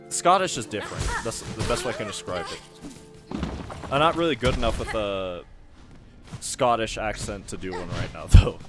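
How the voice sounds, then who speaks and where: A man's voice: on the low side, lively intonation, normal speed. Young man chatting over game music. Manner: rambling, chuckles often, answers chat. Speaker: gaming streamer. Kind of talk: casual gameplay chat.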